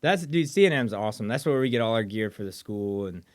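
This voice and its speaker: A man from southern Mississippi hosting a podcast in casual chat, eager and excitable, often restarting his sentences. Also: lowish voice, fast talker. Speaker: podcast host.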